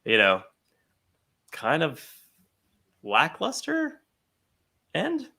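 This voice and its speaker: A man co-hosting a casual podcast, swinging his pitch up and down as he talks. His voice is bright and forward, and his delivery is animated and profane, with frequent laughs. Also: very slow, creaky. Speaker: podcast co-host.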